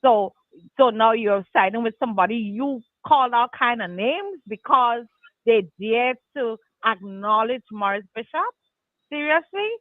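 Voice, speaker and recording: A woman's voice: fairly high pitch, measured pace, no room sound. Lady calling in all heated, stumbles on words, phone line sound. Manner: indignant, stammering. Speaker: caller. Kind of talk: angry phone-in call. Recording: dry tinny phone line.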